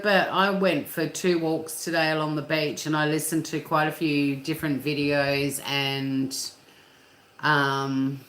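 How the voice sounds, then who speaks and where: A woman's voice: deep voice, a bit bright, roomy sound. A woman from Tasmania with an Australian accent, hosting a casual livestream and chatting with viewers in her kitchen, laughing often and swearing now and then. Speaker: livestream host. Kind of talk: casual chat reading viewer comments. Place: home kitchen.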